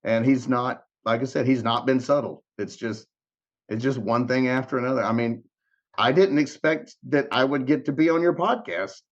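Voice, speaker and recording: A man's voice: mid-range voice, normal speed, lo-fi sound. A man guest on a podcast, telling an emotional story and acting out the dialogue, often repeating and restarting words. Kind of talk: animated storytelling with re-enacted dialogue.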